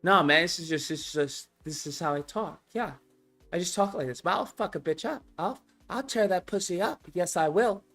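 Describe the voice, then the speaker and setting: A man putting on a soft-spoken gentle dude. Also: high voice, moderate pace, soft background music. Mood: soft boasting.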